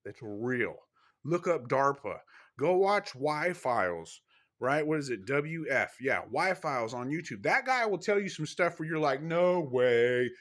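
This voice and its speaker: A man's voice: on the high side, big pitch swings, unhurried, fairly bright tone. Rambling man telling strange stories. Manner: rambling, self-interrupting, emphatic, with mild cursing. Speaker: vlogger. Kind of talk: casual rambling storytelling to camera.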